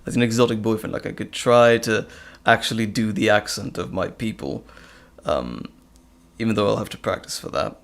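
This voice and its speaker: A man's voice: fairly low pitch, moderate pace, gravelly. A man hosting a casual live stream, reading chat questions aloud with frequent ums and hesitations. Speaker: live stream host and audio creator.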